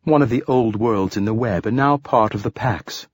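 A man voicing a calm, formal male android companion who speaks in a measured, precise way. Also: on the low side, no room sound, close to an everyday voice.

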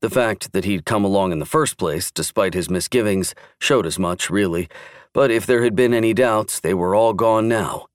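A man narrating a thriller audiobook in a steady, even storytelling manner. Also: fairly low pitch, moderate pace, no room sound, studio quality. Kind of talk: scripted narration.

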